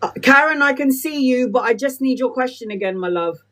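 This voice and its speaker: In a high, expressive, fairly bright voice, a tarot reader moves briskly through a live reading. She's blunt and emotional, cursing freely and calling people "sweetheart" and "my love."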